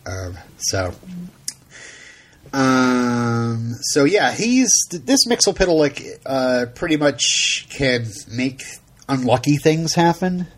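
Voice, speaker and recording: A man's voice: mid-range voice, very animated, very slow. A man co-hosting a casual chat, rambling with frequent ums and light laughs. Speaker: podcast co-host.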